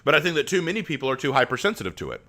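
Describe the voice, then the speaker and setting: A man's voice: on the high side, very fast. A young man live-streaming, reading chat aloud and answering with joking, rambling banter. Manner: animated, joking, rambling with frequent repeats.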